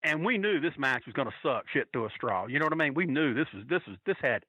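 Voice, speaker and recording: A man on a podcast telling a long, animated, profane story with plenty of restarts. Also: mid-range voice, fast, no echo, muffled recording. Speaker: podcast guest telling a wrestling fan story. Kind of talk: casual storytelling.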